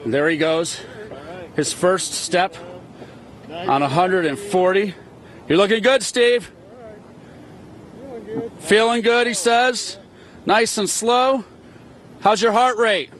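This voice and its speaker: A man's voice: sits high, slow, long pauses, fairly bright tone. A male TV news reporter doing a live field report outdoors on a hotel rooftop, upbeat and chatty with his guests.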